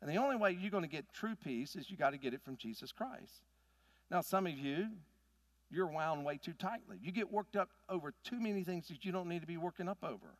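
Animated pastor man, lively pitch. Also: brisk, no echo, clean studio sound. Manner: animated, folksy storytelling with big swings in loudness. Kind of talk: sermon.

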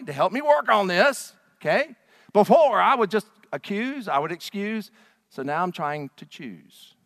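Pastor guy preaching, high voice, jokey and lively, lots of hall echo. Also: clean studio sound. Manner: lively, joking, rhetorical questions. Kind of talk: sermon. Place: church hall with live audience.

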